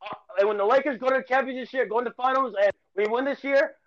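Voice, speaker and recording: High-pitched male sports podcast co-host, excitable rambler, dull lo-fi recording. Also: quick pace. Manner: excitable rambling rant with repeated phrases. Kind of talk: casual sports chat.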